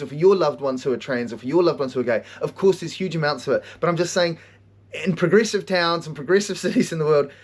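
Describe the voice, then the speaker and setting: A man hosting a podcast, telling stories in an animated way, swearing a lot and often laughing. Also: a little high. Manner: animated storytelling, heavy swearing, frequent laughter. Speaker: podcast host and counselor. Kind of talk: casual monologue.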